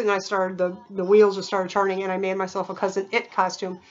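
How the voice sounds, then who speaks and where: Woman, vlogger, rambling casual chat, mid-pitched voice, muffled lo-fi recording. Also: little pitch movement, fast. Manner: chatty, digressive, with many fillers and imitated sounds.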